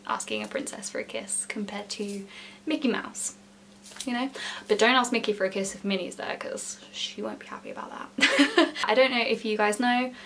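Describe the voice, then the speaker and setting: A young woman chatting casually in a storytelling vlog, with many "like" fillers and lively emphasis. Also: a little high, a little hiss or hum. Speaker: former theme park character performer.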